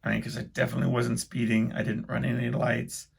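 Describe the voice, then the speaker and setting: A man's voice: medium pitch, monotone, quick pace, vocal fry, breathy edge. A man hosting his own podcast, telling a rambling, self-deprecating story in casual speech full of restarts. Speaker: podcast host.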